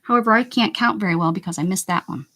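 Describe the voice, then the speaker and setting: A woman with a northern US accent hosts a craft livestream, chatting casually as she paints, whispering and muttering asides to herself, and answering viewer chat. Her mid-range voice has a sharp tone, she talks fast, and there's slight background noise.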